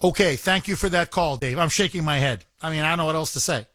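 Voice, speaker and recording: Male call-in show host, animated ranter, tenor-ish, dry studio. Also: a little high, fast, no echo. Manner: indignant, animated, repeats himself. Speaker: radio talk show host. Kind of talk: call-in radio talk.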